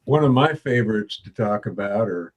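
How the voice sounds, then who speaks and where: Measured, earnest male podcast guest. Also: lowish voice, expressive. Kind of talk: podcast conversation.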